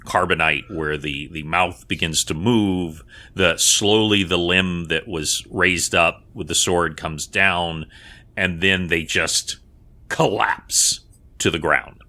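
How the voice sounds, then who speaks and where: A man narrating as game master in a measured way with fillers and asides. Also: low voice, sharp tone.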